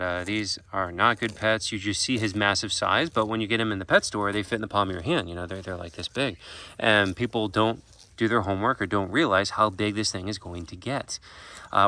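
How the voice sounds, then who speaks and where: A man's voice: fairly low pitch, normal speed, pushed and bright. A man who keeps an animal sanctuary, narrating a casual vlog outdoors, explaining animal care plainly and cooing at the animals.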